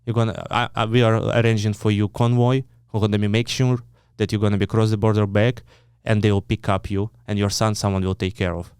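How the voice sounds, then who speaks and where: A man's voice: on the low side, flat delivery, fairly quick, hardly any pauses, darkish tone, clean tone, no echo, studio quality. A man in his thirties with a Ukrainian accent and broken English, telling a story as an interview guest, blunt and swearing often, acting out the people he quotes. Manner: broken English, frequent restarts.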